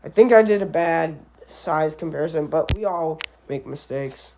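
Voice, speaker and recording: A man giving casual commentary on animal matchups, halting and often correcting himself, with offhand musing asides. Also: a little high, vocal fry, mellow, slight background noise. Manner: halting, with frequent restarts and self-corrections. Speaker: animal video creator.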